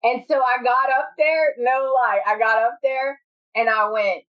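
A woman with a fairly high voice chats casually as a podcast host, telling lively stories and breaking into laughter. She acts out what others said as she goes. The sound is dull and lo-fi. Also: unhurried. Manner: animated storyteller, laughs often, acts out quotes. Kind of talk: casual chat.

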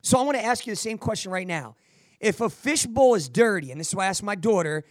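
A man with a fairly high voice delivers motivational advice as a podcast host, energetic and preachy. He often stumbles back over his words as he pushes his point, and the recording is dry and close. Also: fast, no room sound. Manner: energetic, preachy, repeats words while restarting. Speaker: podcast host answering listener questions.

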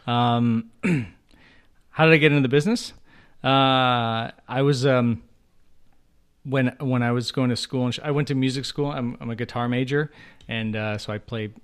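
A man's voice: mid-range voice, fairly even intonation, normal speed, smooth. Man, thirties, podcast guest, rambling, restarts a lot, laughs easily. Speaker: guest, theater writer and director. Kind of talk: casual podcast chat.

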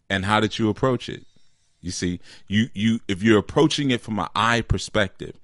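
Man, very low voice, spiritual teacher, conversational, dry close sound. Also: brisk, fairly bright tone, no echo. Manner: conversational, frequent "you see?" check-ins. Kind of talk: informal spiritual teaching talk.

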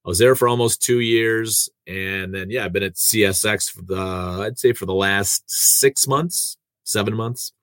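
A man's voice: on the low side, unhurried, hardly any pauses, a bit bright, no echo. A man in casual conversation, telling the story of his career as a radio host and producer with self-deprecating asides.

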